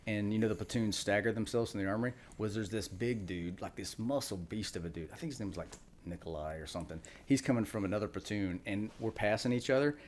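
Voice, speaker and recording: A man's voice: lowish voice, slight background noise. A man in his forties, a retired Marine guest on a podcast, telling stories in a rambling, casual way full of asides. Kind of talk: casual storytelling chat.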